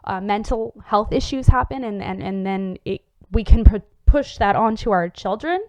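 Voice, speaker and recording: A woman's voice: mid-range voice, normal speed, a little mellow, no room sound. A woman hosting a psychology show, explaining in an earnest, casual way with many fillers and restarts.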